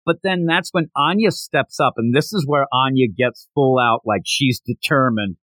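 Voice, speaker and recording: A man hosting a podcast, casually recapping a manga chapter and acting out the characters' lines in quick voices. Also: mid-range voice, a bit bright, dry recording. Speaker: podcast host.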